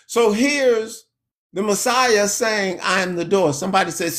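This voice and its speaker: Slow, emphatic male preacher. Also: high voice. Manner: slow, emphatic preaching with sharp rises on scripture quotes. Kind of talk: sermon.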